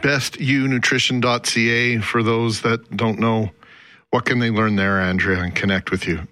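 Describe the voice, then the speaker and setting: A man hosting a radio interview, asking gentle probing questions. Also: medium pitch, steady tone, moderate pace, no echo. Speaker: radio host.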